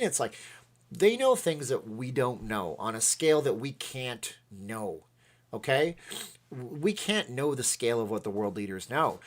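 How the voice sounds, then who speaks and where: Rambling, excitable man hosting a livestream. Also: medium pitch, a little slow. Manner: rambling and excitable, reads out chat comments. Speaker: livestream host. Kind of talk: casual chat.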